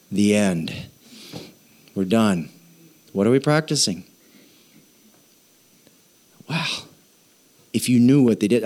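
A man, a pastor, preaching a sermon in a playful way, acting out little dialogues in quick voices. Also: mid-range voice, darkish tone.

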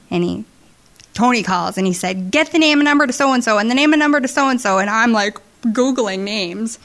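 Earnest woman telling a church testimony. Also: medium pitch. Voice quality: earnest, emotional, with restarts and soft asides. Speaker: speaker at a church service. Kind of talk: testimony storytelling to a congregation. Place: church service.

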